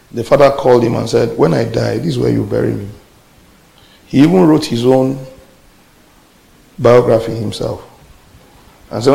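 A man's voice: mid-range voice, gravelly, a little mellow, poor audio. A man preaching a sermon as pastor, telling a story and then calling out to the congregation with rising, exclaiming lines.

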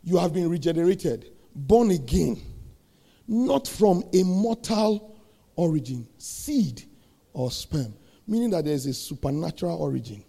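A middle-aged man preaching a sermon, asking the congregation questions and building to shouted peaks. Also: on the high side, lively intonation, unhurried, gravelly, breathy edge. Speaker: pastor.

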